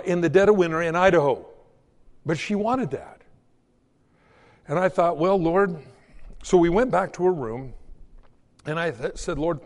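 A male pastor preaching in a church sanctuary, his voice ringing with a long reverb. His voice sits high for a man and swoops up and down with great liveliness. He tells stories and reads scripture with sudden bursts of loudness. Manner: storytelling with sudden swings in pitch and loudness. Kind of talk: sermon.

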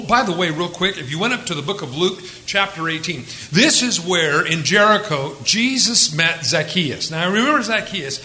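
A man's voice: high-pitched, bright, forceful tone, roomy sound, slight background noise, rough recording. A man preaching a conversational sermon to his congregation, rising for dramatic quotes. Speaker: pastor.

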